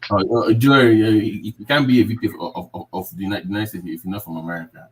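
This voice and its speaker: A very deep-voiced man talks fast and huskily, jumping in with quick corrections on a talk show panel. He rattles off his points in short bursts. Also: steady tone, slightly rough, low-quality recording.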